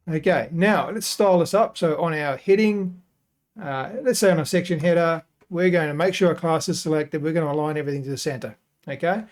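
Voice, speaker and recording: A man hosting a software tutorial, talking casually and thinking aloud as he works through each step. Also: fairly high pitch. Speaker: web design tutorial host. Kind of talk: screen-recorded software tutorial.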